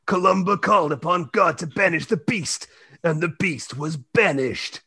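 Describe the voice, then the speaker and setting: A man's voice: fairly high pitch, moderate pace, sharp tone, breathy edge. A man reading a novel aloud on a comedy podcast, theatrical and giggly.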